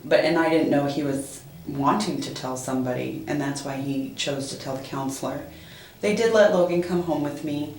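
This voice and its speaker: A woman being interviewed as a mother, giving a halting personal account with many pauses and fillers. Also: deep voice, a little mellow, echoey room, a little hiss or hum, low-quality recording.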